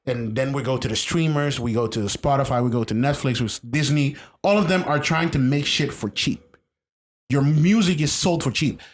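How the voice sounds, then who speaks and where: Talking at a moderate pace with a medium pitch, a male podcast co-host chats casually. His speech is emphatic, marked by repetition and false starts on sentences.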